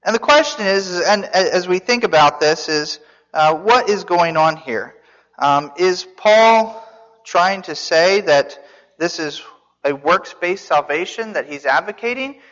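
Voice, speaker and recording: High-voiced man preaching in a hall. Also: animated, a little slow, fairly bright tone. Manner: conversational, asks listeners questions, some restarts. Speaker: pastor. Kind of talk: Bible teaching sermon. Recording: dull sound in a reverberant hall.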